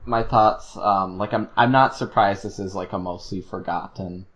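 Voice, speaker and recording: A man's voice: on the low side, fairly even intonation, normal speed, muffled recording. A man co-hosting a podcast, chatting casually about films with many fillers and restarts. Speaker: podcast co-host. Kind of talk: casual film review chat.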